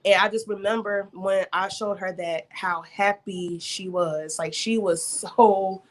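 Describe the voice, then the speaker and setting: A woman's voice: medium pitch, steady tone, measured pace. Chatty woman studio owner. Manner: chatty, frequent fillers, laughs easily. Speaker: beauty studio owner, guest. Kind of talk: casual interview talk.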